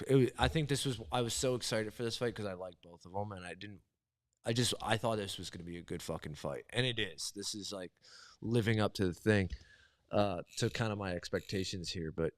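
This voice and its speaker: A man's voice: lowish voice, no room sound, studio quality. A man on a live stream as a guest, chatting casually, rambling through restarts and swearing a lot.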